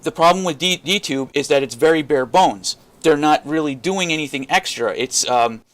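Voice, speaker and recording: A man's voice: fairly high pitch, normal speed, fairly bright tone. A man ranting to camera as a vlogger, frustrated and swearing constantly, rambling with many restarts. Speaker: crypto vlogger. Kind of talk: unscripted rant to camera.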